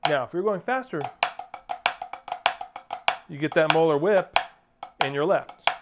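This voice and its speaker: A man's voice: a little high, a little slow, over loud music. A man teaching a drum lesson, explaining strokes and counting off and calling out sticking patterns as students play.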